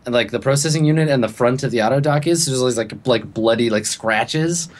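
A man runs a tabletop game and narrates casually with plenty of fillers. His voice sits at an ordinary medium pitch. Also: fast. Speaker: game master.

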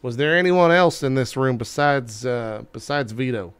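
A man's voice: mid-range voice, animated, normal speed, fairly bright tone, clear, resonant tone. A man playing in a tabletop game, brash and playful, swearing freely. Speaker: player. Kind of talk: tabletop role-play, casual.

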